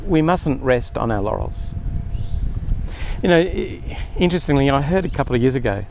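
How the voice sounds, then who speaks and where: A man's voice: medium pitch, very animated, moderate pace, darkish tone, slight background noise. A man preaching a sermon in an earnest way, often acting out quoted speech with more emphasis.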